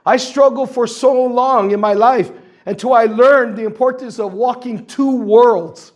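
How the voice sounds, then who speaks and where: A man's voice: very high voice, unhurried. A man in his sixties from Guam, speaking at a public forum in earnest testimony that builds through lists and rhetorical questions. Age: 60s.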